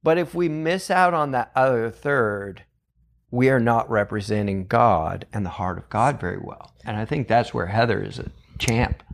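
A man's voice: normal speed, gravelly. Man, pastor, podcast guest, earnest, storytelling, mid-range voice. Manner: earnest storyteller who acts out quotes with big pitch jumps. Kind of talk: podcast conversation.

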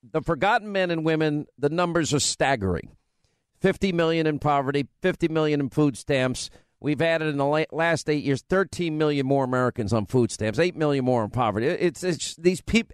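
A man hosting a talk radio show from a studio microphone, speaking briskly and emphatically and joking with his staff. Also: fairly high pitch, expressive, dry recording.

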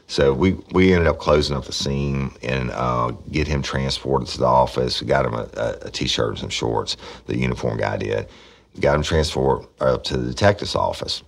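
A man's voice: very deep voice, moderate pace, creaky. A man hosting a true crime podcast, telling a past case bluntly and profanely. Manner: blunt and profane, acting out his own past dialogue.

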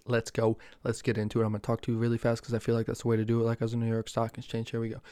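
A young man from New Jersey hosting a cannabis news show, talking loosely and excitably with a lot of profanity. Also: mid-range voice, racing, clear, resonant tone, no echo. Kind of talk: casual news commentary.

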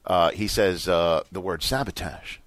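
Low-voiced man hosting a chat show. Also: moderate pace, dry recording. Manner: excitable, stammering restarts, chuckling. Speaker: host. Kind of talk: casual chat.

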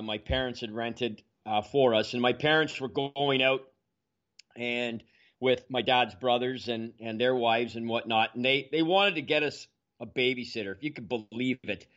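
A man eases into a long family story, measured and meandering. His voice sits at a middle pitch. The recording is somewhat dull and muffled. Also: a bit bright. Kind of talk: casual storytelling in conversation.

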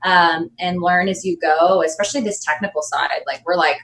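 A woman's voice: fairly low pitch, moderate pace, low-quality recording. A woman guest in a casual interview, enthusiastic and talking in long run-on sentences. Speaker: guest, Las Vegas performer.

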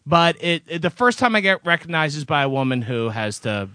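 Animated, self-deprecating male podcast host. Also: fairly high pitch, fairly quick, smooth, no echo, studio quality. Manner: embarrassed, self-deprecating storyteller. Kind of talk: casual podcast banter.

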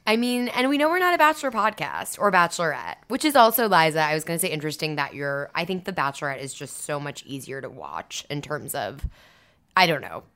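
A woman's voice: low voice, sing-song, a little fast, fairly bright tone. A woman co-hosting a podcast in casual chat, musing aloud and hedging with "I think" and "I don't know". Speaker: podcast co-host.

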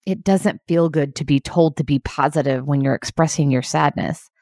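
Woman, low voice, dry close sound, earnest, emphatic, leadership pep talk. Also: a little mellow, dry recording. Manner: earnest, fast-paced and emphatic.

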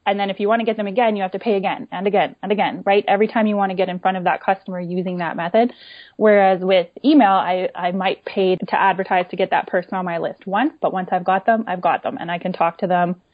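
A woman's voice: medium pitch, steady tone, fast. A woman talks in an easy, explanatory way as an interview guest, often tagging her points with "right?" and "you know". The sound is dull and lo-fi. The room is dead and dry, with no echo at all. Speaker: guest, small online shop owner. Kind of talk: casual interview chat. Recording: dull, lo-fi dry remote audio.

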